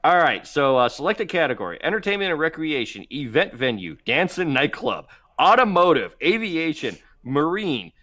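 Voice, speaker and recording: A man's voice: fairly high pitch, big pitch swings, moderate pace, hardly any pauses, sharp tone. A man co-hosting a podcast, joking around in casual chat while reading out a list. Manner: jokey, reads out a list while riffing. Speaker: podcast co-host. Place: small home studio.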